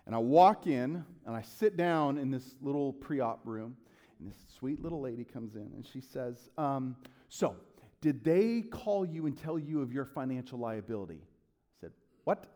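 A man preaching a sermon as a pastor, telling a personal story in a lively way and acting out his own loud outbursts. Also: mid-range voice, normal speed.

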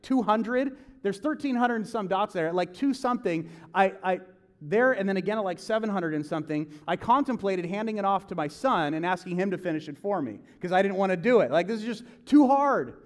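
A man's voice: high voice, fairly quick. A man in his thirties preaching a sermon in a casual, conversational way, acting out the voices he quotes. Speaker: pastor. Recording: long hall reverb.

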